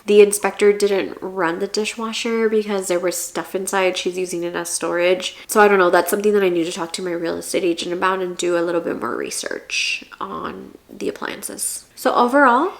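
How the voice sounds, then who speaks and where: A woman's voice: medium pitch, gravelly, a bit bright. A young woman talking to the camera in a casual home-buying vlog, earnest and rambling, at times tearful. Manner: earnest, rambling, restarts often. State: tearful, emotional. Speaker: vlogger.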